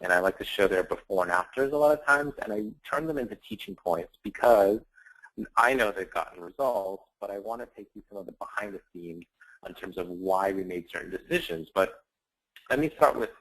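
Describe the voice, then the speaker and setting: A man's voice: fairly low pitch, a little fast, a bit bright, poor audio. A man giving a conversational branding lecture with slides, often checking in with his audience with tag questions. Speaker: branding instructor.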